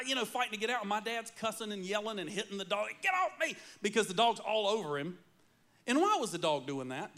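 A man preaching a sermon, telling stories with playful asides and animated delivery. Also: high-pitched. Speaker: pastor.

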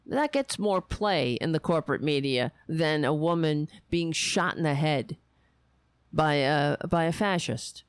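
A sarcastic commentator delivers a solo political rant in a smooth, clear, medium-pitched voice, unhurried but full of halting restarts. The recording is close and dry, with no room echo.

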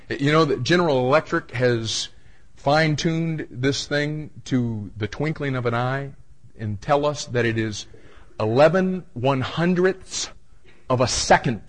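A male pastor preaching a verse-by-verse sermon in a conversational way, stumbling over restarts and booming out the scripture he quotes. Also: rough recording.

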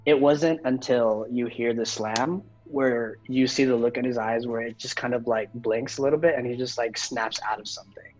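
Brief: young man, mid-pitched, loose rambling storyteller, lo-fi audio with faint music under it. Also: fairly even intonation, normal speed, hardly any pauses. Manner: rambling, heavy "like" fillers, frequent swearing. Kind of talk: casual storytelling.

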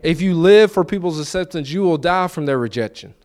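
A male preacher delivers a conversational sermon to a responding congregation. His voice sits a little higher than most men's, and he tells personal stories by acting out both sides of the conversation. He hammers home his points by repeating key lines. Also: expressive, fairly quick, a little mellow. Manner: storytelling, acting out his own and others' dialogue; repeats key phrases for emphasis.

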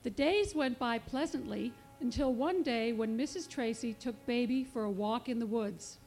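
A woman children's author reading her picture book aloud in a clear, expressive storybook manner. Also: a little high, moderate pace, faint music behind.

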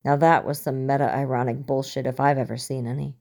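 A woman's voice: extremely low pitch, flat delivery, fairly quick, vocal fry, a little mellow. A woman reading as a smirking nerdy man. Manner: sardonic, crude. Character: smirking scruffy male conspiracy nerd.

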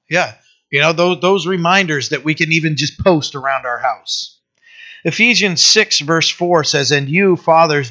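Male pastor, relaxed chatty sermon, bright forward tone, muffled lo-fi sound. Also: fairly high pitch. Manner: casual, animated, many restarts and asides. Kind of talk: conversational sermon.

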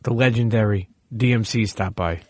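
A man hosting a podcast in casual chat, animated and swearing, often saying "listen.". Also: on the low side, normal speed, no echo. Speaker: podcast host.

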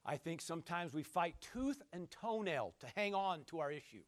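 A man preaching a sermon in a folksy, conversational way, calling to his listeners and swinging from shouts down to quiet asides. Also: expressive, moderate pace. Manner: emphatic call-and-response preaching, shouting at peaks, then dropping low.

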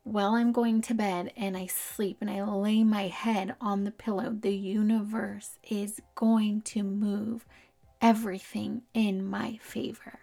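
A woman doing a breathy celebrity-style inner voice in whispered role-play, speaking slow, soothing self-talk. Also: medium pitch, level tone, mellow.

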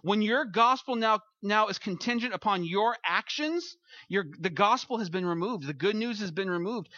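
A man's voice: high-pitched, pushed and bright, dry recording, highs cut off. A man preaching a conversational sermon as pastor, who acts out little quoted voices as he goes.

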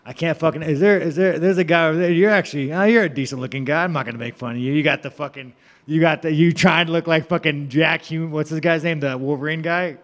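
Facing a media scrum, a male fighter rambles through his answers, cursing and mocking the reporters. He talks fast in a fairly high voice, and the room echoes.

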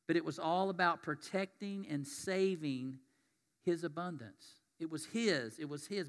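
A man's voice: fairly high pitch, measured pace, big-room sound. A man preaching a sermon, chatty and folksy, mixing scripture reading with stories. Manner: folksy, conversational, reads scripture aloud. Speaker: pastor. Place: church sanctuary.

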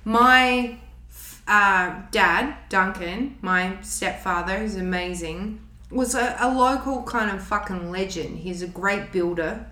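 A woman's voice: medium pitch, takes it slowly, pushed and bright, echoey room. Chatty woman. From Australia. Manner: chatty, chimes in and corrects details. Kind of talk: casual storytelling chat.

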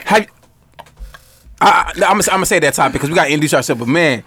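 A man's voice: a little high, lively intonation, very fast, bright, forceful tone, breathy edge. A man co-hosting a podcast, teasing his friends and talking over them in a rowdy group chat. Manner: teasing, talks over others. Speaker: podcast co-host.

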